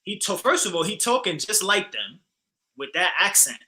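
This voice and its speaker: Bright, animated man in heated talk. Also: sits high, normal speed, rough recording. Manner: animated, emphatic, frequent fillers and profanity. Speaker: podcast co-host. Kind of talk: casual heated discussion.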